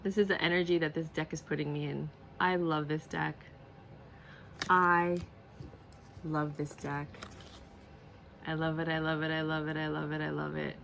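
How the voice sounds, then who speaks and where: A woman's voice: low-pitched, little pitch movement, normal speed, gravelly, pauses often, fairly bright tone, slight background noise. A woman reviewing a card deck on camera in a casual, gushing way, repeating herself and laughing often. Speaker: tarot and oracle deck reviewer.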